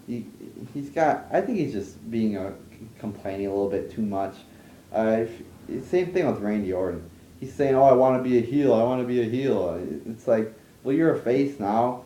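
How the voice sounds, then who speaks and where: A man's voice: mid-range voice, warm tone. A young man giving a blunt, profane, rambling rant about wrestling, full of fillers. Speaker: wrestling commentator ranting online. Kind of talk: casual rant. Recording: echoey room.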